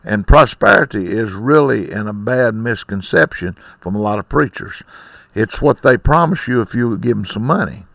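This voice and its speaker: A man's voice: lowish voice, lively intonation, normal speed, gravelly, a bit bright, no echo, studio quality. A middle-aged man, preaching a blunt, scolding sermon in folksy speech.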